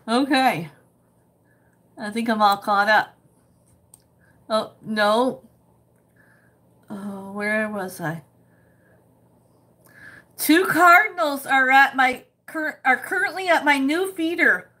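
A woman hosting a casual cooking livestream, reading viewer comments aloud, chatty and quick to laugh. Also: high voice, pushed and bright.

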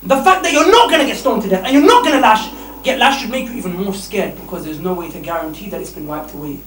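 A man's voice: high-pitched, quick pace. Emphatic male preacher in an echoey hall. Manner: emphatic, animated, often laughing mid-sentence. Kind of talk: lively evening sermon to young men. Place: mosque hall. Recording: echoey hall, distant mic, faint hiss.

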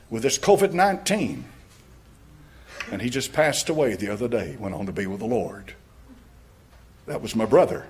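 A man's voice: medium pitch, slightly rough. An older American man, a pastor, preaching a sermon with stories and fervent questions. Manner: storytelling, rising to fervent questions, laughing at own stories.

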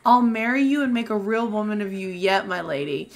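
A charming, mischievous highwayman from a romance novel, as a woman reads him aloud. His lines come in a plain, mid-pitched reading voice, sometimes hurried, sometimes drawn out. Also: lively intonation, close to an everyday voice. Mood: roguish. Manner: read aloud from a book.

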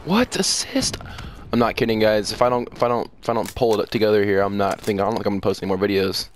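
A teenage boy commenting on his own gameplay for a video channel, excitable, laughing and yelling at the game. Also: lowish voice, rapid-fire, a little hiss or hum. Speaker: gaming YouTuber.

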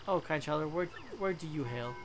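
A woman's voice: low-pitched, a little fast, faint music behind, voice pushed down, close to an everyday voice. Woman reading a humble, tired village mother. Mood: pleading. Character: poor, weary village mother.

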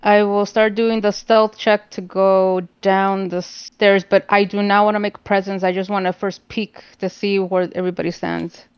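A woman's voice: medium pitch, flat delivery, normal speed, few pauses, smooth, dry recording, muffled recording. A woman playing a tabletop game, thinking aloud and asking questions, over online voice chat. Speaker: player.

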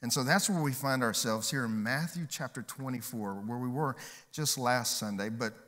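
A man's voice: medium pitch, moderate pace, fairly bright tone. A man preaching a sermon from a church stage as pastor, upbeat and emphatic, slipping in jokes. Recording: long hall reverb.

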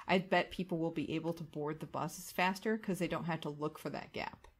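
Chatty woman co-host, lower register, light laughs between news items. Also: steady tone, a little fast. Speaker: podcast co-host. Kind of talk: casual chat, news rundown.

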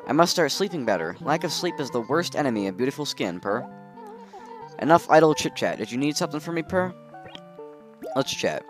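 A vain, snooty female cat villager from a video game who looks down on everyone, voiced by a man reading her lines. The pitch sits in the middle and the tone turns haughty and mocking. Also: very animated, brisk, long pauses, soft background music, natural voice.

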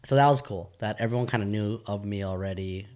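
A man's voice: fairly low pitch, fast talker, darkish tone. A man co-hosting a podcast, teasing his friend with easy laughter in casual chat. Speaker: podcast co-host.

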